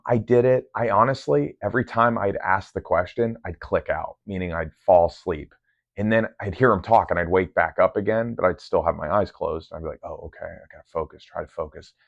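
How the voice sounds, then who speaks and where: A very low-voiced man talks through his recent meditation sessions in a loose, rambling way, stopping often to say um and start sentences over. The sound is dry and close, a little dull and lo-fi. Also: gravelly, no echo. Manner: rambling, full of ums and restarts. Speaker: meditation vlogger. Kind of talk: casual first-person recounting.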